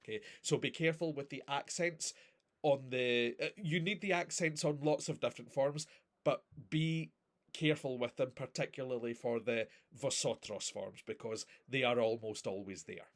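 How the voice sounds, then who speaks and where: A man's voice: medium pitch, normal speed. A man, a Spanish teacher patiently reviewing grammar step by step and checking in with "okay?". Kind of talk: recorded class review.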